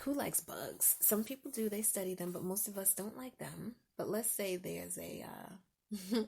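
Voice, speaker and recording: A woman with a lowish, creaky, slightly breathy voice hosts a faith-based podcast offering encouragement. An adult with children, she speaks like a parent, conversationally telling everyday stories and asking the listener to picture examples. She sometimes drops to a soft whisper for emphasis.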